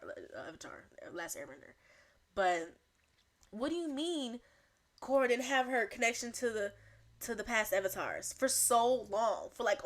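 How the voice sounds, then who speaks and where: A young adult woman hosts her own comedy podcast and talks alone. She rambles through her stories in an animated way and breaks into laughter often. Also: on the high side. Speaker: podcast host. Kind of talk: solo comedic podcast rant.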